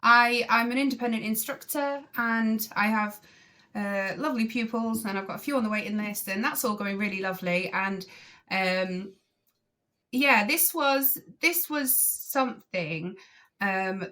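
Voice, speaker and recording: A woman driving instructor talking as a guest on a podcast, earnest and enthusiastic, with many pauses and ums. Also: mid-range voice, bright, forceful tone. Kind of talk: casual podcast conversation.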